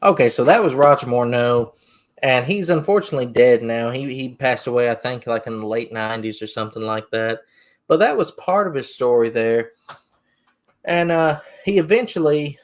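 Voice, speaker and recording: A man hosting a podcast, telling a story in a rambling, folksy way. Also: medium pitch. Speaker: podcast host. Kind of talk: casual storytelling.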